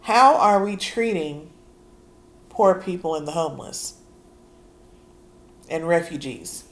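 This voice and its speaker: Hoarse woman preaching, slow and earnest. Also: fairly low pitch, expressive. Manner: earnest, conversational, reads scripture aloud with emphasis. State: hoarse from allergies. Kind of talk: sermon.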